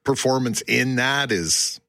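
A man's voice: mid-range voice, takes it slowly, vocal fry, pushed and bright, no echo. A male co-host in casual chat, offering brief, dry remarks. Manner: dry, short quips.

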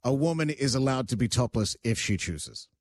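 A man's voice: mid-range voice, expressive, normal speed, no echo. Male talk radio host, emphatic and self-mocking, dry close mic. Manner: emphatic, argumentative, self-joking. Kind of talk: radio talk show banter.

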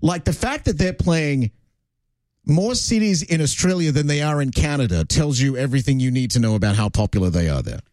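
A man's voice: on the high side, a little fast, no echo. A man hosting a radio show, chatting casually and telling stories with plenty of fillers. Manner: chatty, animated storytelling with frequent fillers. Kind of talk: casual on-air chat.

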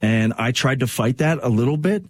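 A male radio host talks into a studio microphone in a dry, close sound. His voice is slightly husky, and he speaks earnestly and reflectively, often circling back with fillers. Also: medium pitch, animated, normal speed, dry recording. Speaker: radio talk show host. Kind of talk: personal radio monologue.

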